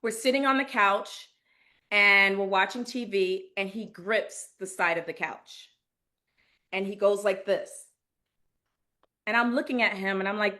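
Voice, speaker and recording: A woman in her forties, a guest on an interview show, tells a personal story in a bright, forceful voice. She speaks candidly and with feeling, often pausing and filling gaps with ums. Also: medium pitch. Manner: candid and emotional, with many pauses and fillers. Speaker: podcast guest.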